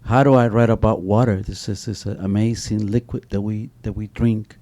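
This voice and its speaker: This middle-aged panelist speaks at a moderate pace in a lowish, warm voice with fairly even intonation. At the author panel he tells stories animatedly, full of restarts and "you know."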